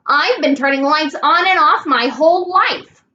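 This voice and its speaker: An earnest young schoolboy, read aloud by a woman answers in a plain, matter-of-fact way. His storybook voice is raised and lively. The recording is slightly muffled. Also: sits high, measured pace, a little hiss or hum, voice pushed up, heavily acted.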